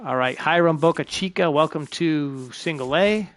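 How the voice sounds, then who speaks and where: Speaking at normal speed in a fairly high, fairly bright voice, a male gaming streamer comments live on a baseball management game. He's chatty, talking to himself as he works through his roster.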